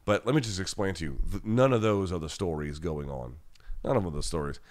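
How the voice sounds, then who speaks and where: A man's voice: sits low, fast talker, darkish tone. A man hosting a podcast live chat, answering viewers in a blunt, rambling, casual way with many restarts.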